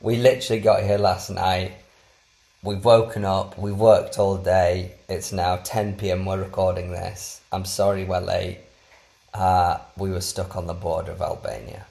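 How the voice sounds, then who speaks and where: Low gravelly man, rambling chat. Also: little pitch movement, moderate pace, dark tone. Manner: rambling, self-deprecating. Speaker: podcast co-host. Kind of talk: casual travel chat.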